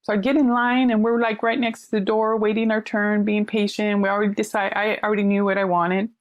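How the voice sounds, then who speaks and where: A middle-aged woman, a counselor, telling stories in casual conversation and acting out quoted voices with lively animation. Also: medium pitch, brisk, no echo. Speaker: counselor sharing her story. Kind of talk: conversational storytelling.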